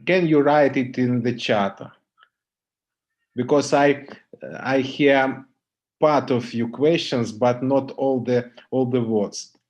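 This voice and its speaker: Man lecturing slowly and haltingly. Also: medium pitch, steady tone, darkish tone, highs cut off. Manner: halting non-native English, many pauses and fillers. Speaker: visiting lecturer. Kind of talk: online lecture Q&A. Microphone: video call.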